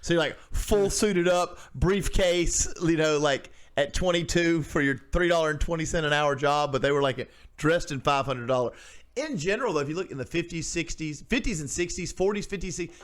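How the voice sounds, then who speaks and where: Man, 40s, casual podcast co-host; loose, rambling delivery, restarts a lot, slightly higher voice. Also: fairly quick. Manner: rambling, restarts sentences, acts out quoted voices. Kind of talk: casual chat.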